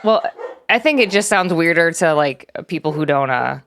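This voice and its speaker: A young woman co-hosting a podcast, talking reflectively in a halting way with many fillers, into a close mic. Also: sits low, expressive, a bit bright, a little hiss or hum. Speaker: podcast co-host. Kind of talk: casual chat.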